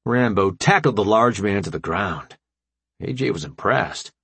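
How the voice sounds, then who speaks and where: Husky male audiobook narrator. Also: fairly low pitch, animated, measured pace, a bit bright, dry recording.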